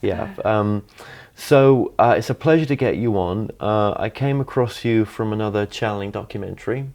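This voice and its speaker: A man's voice: lowish voice, normal speed, vocal fry, a little mellow. A man hosting an interview, speaking hesitantly with many restarts and fillers. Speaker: interview host. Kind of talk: casual interview.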